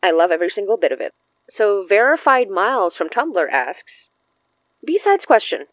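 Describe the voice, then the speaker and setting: A chatty woman co-host talks quickly about her audio drama, breaking into laughs often. Her voice sits in a middle range. The recording is dry and a little dull, with no room sound. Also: medium pitch, sing-song, dry recording. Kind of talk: casual chat.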